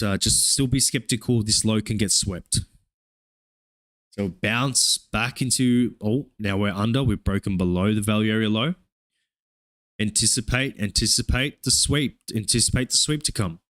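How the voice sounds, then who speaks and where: Australian man, young adult, fairly low voice, swearing trading commentary, excited oohs. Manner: profane, hyped play-by-play with excited oohs. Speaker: live-streaming futures trader.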